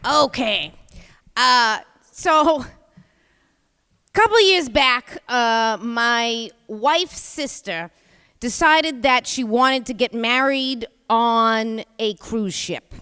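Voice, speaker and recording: A woman's voice: a little high, extremely slow, pushed and bright, smooth. A woman from New York with a New York accent, hosting and telling a comic story on a live stage with many chatty asides. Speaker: host and storyteller. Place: theater stage. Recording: reverberant live theater sound.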